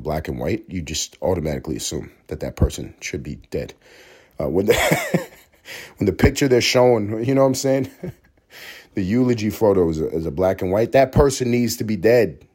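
A man's voice: sits low, expressive, fairly quick, dark tone. A man hosting a solo podcast with a sore throat, talking in a profane, rambling way, sometimes like a mock preacher. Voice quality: hoarse. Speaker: podcast host. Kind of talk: casual solo podcast monologue.

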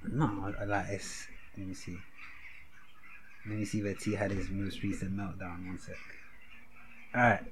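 A man's voice: deep voice, flat delivery, moderate pace, pauses often, noisy background. A young man co-hosting a podcast, telling a rambling, self-mocking story in slang. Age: young adult. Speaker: podcast co-host. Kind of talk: casual podcast chat.

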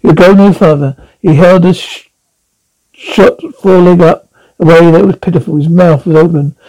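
A man's voice: a little high, fairly even intonation, warm tone, low-quality recording. A man reading a storybook aloud, stumbling often and correcting himself as he narrates. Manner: halting with frequent slips and restarts. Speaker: audiobook reader.

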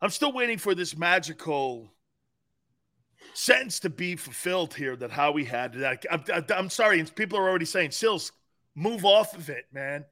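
Male sports radio co-host, high and lively voice, profane storyteller. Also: moderate pace. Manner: profane storytelling, laughs loudly. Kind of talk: casual sports radio chat.

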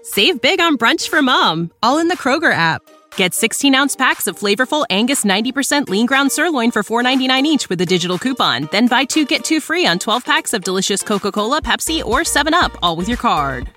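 A woman's voice: on the high side, big pitch swings, fairly quick, bright, forceful tone, faint music behind. A woman announcer giving an upbeat, polished scripted ad read.

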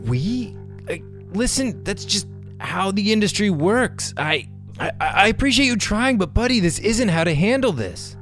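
Man playing a scared movie star, high and stammering, trying to calm someone down, comedy audio story. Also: measured pace, soft background music, full character voice. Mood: placating. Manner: alarmed, placating, stammering. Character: frightened male movie star.

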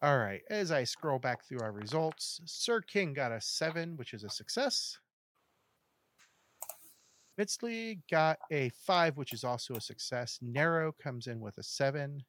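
A man running a tabletop game as game master, describing scenes in a steady narrating voice with casual asides to the players. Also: medium pitch, measured pace, slight background noise.

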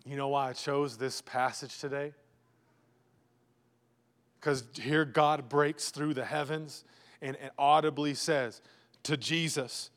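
A man preaching a sermon as pastor, emphatic and repetitive, swinging between loud urging and hushed, low lines. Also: measured pace, in a large hall. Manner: emphatic, repetitive preaching with sudden drops to a hush.

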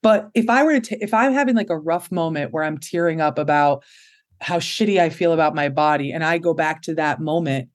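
A woman hosts a podcast in casual conversation, speaking openly and reflectively with short affirmations. Her voice is deep and fairly quick.

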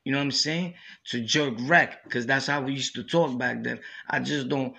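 A man's voice: mid-range voice, fairly even intonation, normal speed, creaky, sharp tone. A man from Brooklyn with a New York accent, hosting a podcast and telling stories in streetwise slang, often saying "you know what I'm saying". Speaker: podcast host. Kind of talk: storytelling.

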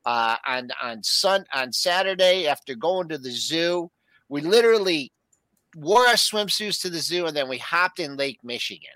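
A middle-aged man co-hosting, telling a weekend story with lively enthusiasm. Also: on the high side, normal speed, no room sound. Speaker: co-host. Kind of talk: casual storytelling chat.

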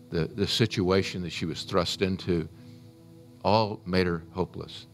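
Low-voiced preacher over faint music. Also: male voice, fairly even intonation, a little slow. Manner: earnest storytelling, retelling scripture with feeling. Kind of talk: sermon.

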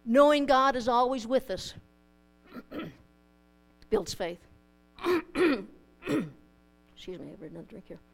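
Speaking slowly and pausing often, a woman preaches to a church congregation in a fairly high voice that swings widely in pitch. Her sermon is plainspoken and chatty, mixing Bible passages with homely anecdotes and gentle jokes. The recording quality is low.

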